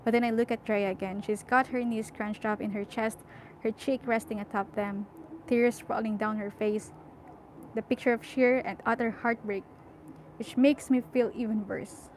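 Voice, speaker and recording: A woman's voice: on the high side, fairly even intonation, normal speed, slight background noise, rough recording. A young woman reading a novel aloud, often correcting herself and stopping to chat about how emotional the story makes her. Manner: emotional, self-correcting, chatty. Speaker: audiobook reader.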